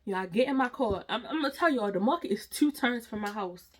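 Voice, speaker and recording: A woman's voice: a little high, expressive, fast. A woman, dramatically telling a storytime vlog and talking straight to her viewers with slang. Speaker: storytime vlogger.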